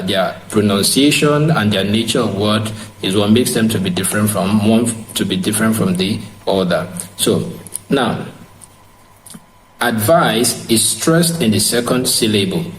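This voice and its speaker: A man teaching an English grammar lesson online, slow and repetitive, spelling words out letter by letter. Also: fairly low pitch. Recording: echoey room with faint hiss.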